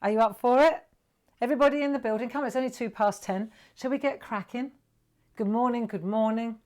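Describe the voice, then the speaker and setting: A woman's voice: fairly high pitch, a little fast, darkish tone. A middle-aged woman with a British accent hosting a live drawing tutorial, chatty and coaxing her viewers along. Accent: British English. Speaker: craft presenter.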